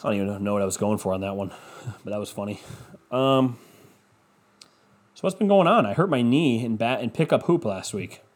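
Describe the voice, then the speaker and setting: A young man riffing alone on his podcast, loose and profane, with sarcastic tangents that wander off and circle back. His voice sits at an ordinary, middle pitch. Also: expressive, brisk, long pauses. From Cleveland. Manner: scatterbrained, profane, sarcastic ranting. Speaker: podcast host. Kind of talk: rambling solo podcast monologue. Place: home room with windows open.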